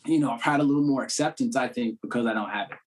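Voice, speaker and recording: Casting: male podcast guest from the Boston area, mid-pitched, relaxed and conversational, heavy on casual fillers. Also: rapid-fire. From Cambridge, Massachusetts. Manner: loose, street-casual talk full of "you know what I'm saying". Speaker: guest, actor.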